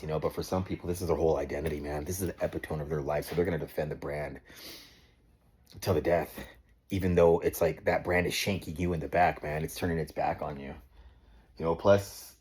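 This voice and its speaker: Husky deep-voiced guy in his 40s, cussing and venting on camera, keeps saying man. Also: darkish tone. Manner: profane, heated, peppered with "man"; repeats and restarts words when worked up. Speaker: motorcycle owner vlogger. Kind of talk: ranting vlog monologue.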